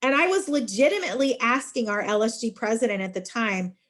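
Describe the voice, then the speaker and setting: A middle-aged woman, a university staff director, giving a friendly leadership workshop talk and calling her listeners friends, with lively asides as she tells stories. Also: a little high, a little fast. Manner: lively storytelling with emphatic asides. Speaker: university student involvement director.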